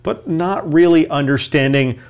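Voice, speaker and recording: A man's voice: on the high side, measured pace, darkish tone, clear, resonant tone. A man co-hosting a lesson, explaining a story and defining words for learners. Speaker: co-host and teacher.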